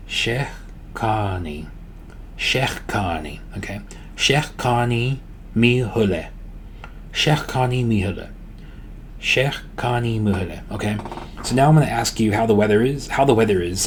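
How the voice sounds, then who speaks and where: Laid-back man tutoring slowly. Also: fairly low pitch, a little hiss or hum. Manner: relaxed, repeats words slowly and checks in with "okay?". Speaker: language tutor. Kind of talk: casual spoken language lesson.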